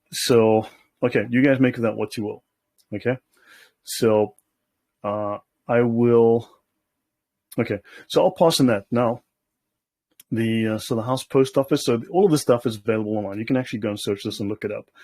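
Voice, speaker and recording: A man's voice: medium pitch, fairly even intonation, moderate pace, a little mellow, no room sound. A man hosting, reading documents aloud and commenting on them in a casual, sardonic way, often checking in with his listeners. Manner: sardonic, keeps checking in with "okay?". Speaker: host.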